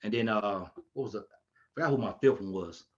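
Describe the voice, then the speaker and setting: Guy telling old football stories, gets loud doing other people's lines, kinda muffled lo-fi audio. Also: lowish voice, a little fast. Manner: animated, acts out quotes in a raised voice. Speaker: podcast guest, coach. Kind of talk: casual storytelling chat.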